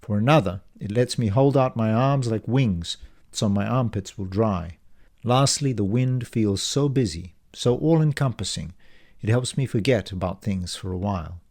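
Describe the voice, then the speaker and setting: The novel is read aloud by the man who wrote it, told in the first person. His low-leaning voice moves at an even pace, unhurried and rich in description.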